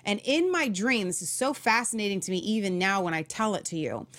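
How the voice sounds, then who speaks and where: A woman's voice: mid-range voice, expressive, fairly quick, a bit bright. A woman hosting a show, telling a story in a casual, earnest, conversational way and correcting herself as she goes. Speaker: show host.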